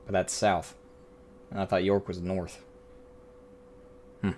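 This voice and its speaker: A man's voice: low voice, little pitch movement, slow pace, a little mellow, slight background noise. A man streaming a game, chatting casually in a rambling, profane way, often correcting himself. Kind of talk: casual live-stream chat.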